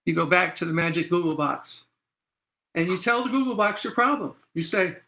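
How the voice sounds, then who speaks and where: A man's voice: high-pitched, expressive, moderate pace, bright, forceful tone. A middle-aged man gives a presentation as a consumer advocate, acting out phone calls in dialogue. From Texas.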